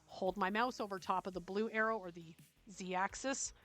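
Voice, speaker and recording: A woman with a Canadian accent hosting a screen-recorded software tutorial, chatty and checking in often with "okay?". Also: mid-range voice, moderate pace, soft background music. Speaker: tutorial host.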